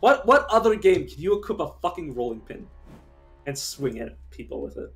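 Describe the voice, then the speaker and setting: A man's voice: fairly high pitch, very animated, moderate pace, fairly bright tone, soft background music. A man giving casual, rambling commentary while streaming a game, chatty and given to casual swearing.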